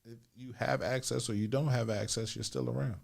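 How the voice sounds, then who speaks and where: Man in his forties, podcast co-host, gravelly texture, loose slangy delivery with repeated restarts. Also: mid-range voice, fairly even intonation, brisk, darkish tone. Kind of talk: candid podcast conversation.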